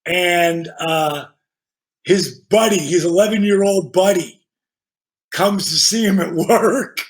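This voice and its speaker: A man with a fairly high-pitched voice for his sex, spinning casual stories as a podcast guest. He is animated and profane and acts out the back-and-forth of each conversation. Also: slow. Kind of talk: casual storytelling.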